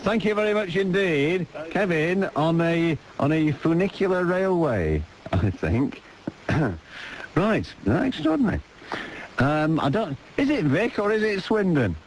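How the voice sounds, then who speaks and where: A man's voice: a little high, big pitch swings, unhurried, low-quality recording. A man hosting a late-night radio phone-in, teasing callers and telling jokes with relish.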